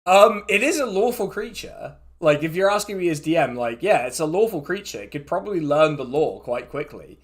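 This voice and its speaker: Man, fairly high voice, game master, talkative and giggly. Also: expressive, brisk, hardly any pauses. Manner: chatty, laughs often, restarts sentences. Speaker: dungeon master. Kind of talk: running a tabletop game.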